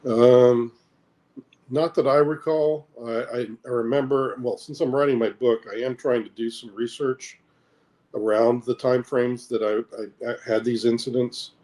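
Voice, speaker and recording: A man's voice: mid-range voice, fairly even intonation, measured pace, darkish tone. A middle-aged American man, an interview guest, recounting personal experiences in a hesitant way, with repeated words and many fillers. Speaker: interview guest, military veteran.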